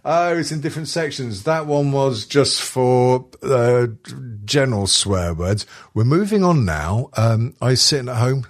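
A man's voice: medium pitch, animated, unhurried, hardly any pauses. Foul-mouthed joking man. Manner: swears constantly, jokey, laughs often. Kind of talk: casual crude chat reading a list aloud.

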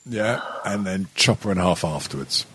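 A man's voice: low voice, animated, moderate pace, noisy background. A tipsy man co-hosting a podcast in casual chat, sweary and rambling with many hesitations. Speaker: podcast co-host.

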